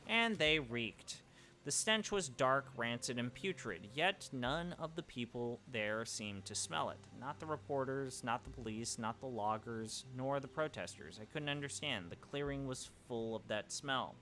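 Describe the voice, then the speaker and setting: Young guy reading a game out loud, bright voice, swears a lot. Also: mid-range voice, animated, measured pace, soft background music. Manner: casual, swearing asides. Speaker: let's play streamer. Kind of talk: reading a visual novel aloud with commentary.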